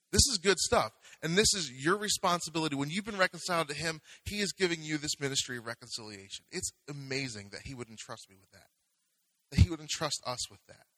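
A man's voice: medium pitch, sharp tone, dry recording, low-quality recording. A man preaching a sermon as pastor, talking conversationally and building to fervent exhortation.

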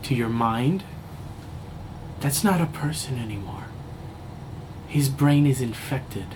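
A man's voice: medium pitch, fairly quick, noisy background, natural voice. An actor playing a feverish male survivor in a tabletop game, frantic and insistent. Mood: panicked.

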